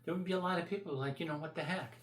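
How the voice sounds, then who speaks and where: A man's voice: a little high, steady tone, very fast, reverberant. A man vlogging his opinions in a blunt, profane, rambling rant.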